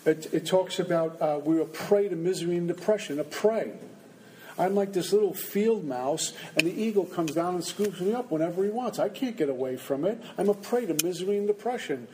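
A man's voice: high-pitched, a little fast, warm tone, a little hiss or hum, low-quality recording. A man speaking at a recovery meeting, telling humorous, self-mocking stories to a live audience and acting out his inner voices. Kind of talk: storytelling talk to a live audience. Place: indoor meeting room with an audience.

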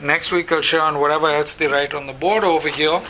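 A man's voice: a little high, a little fast, slight background noise, rough recording. A middle-aged man from India, sharing his recovery story and acting out remembered conversations. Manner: lively, acts out remembered dialogue. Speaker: recovery meeting speaker. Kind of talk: personal storytelling share.

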